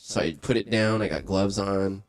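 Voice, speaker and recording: A man hosting a livestream, casually telling a profane, animated story and acting out quotes along the way. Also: sits low, moderate pace, soft background music. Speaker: livestream host.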